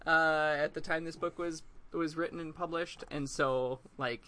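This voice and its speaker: A man's voice: on the high side, fairly even intonation, normal speed, pushed and bright. A man co-hosting a casual book discussion, talking in a loose, conversational way. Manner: laughs easily, loose conversational.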